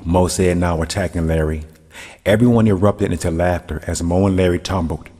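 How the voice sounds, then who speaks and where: Male narrator, low husky read, long room echo. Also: steady tone, moderate pace, darkish tone. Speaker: storyteller. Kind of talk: storybook narration.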